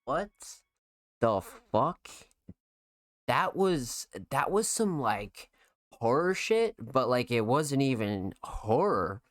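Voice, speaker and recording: A man's voice: mid-range voice, big pitch swings, slow, no echo, studio quality. A young man hosting a podcast, giving a casual, profane music review full of fillers. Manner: profane, filler-heavy, enthusiastic.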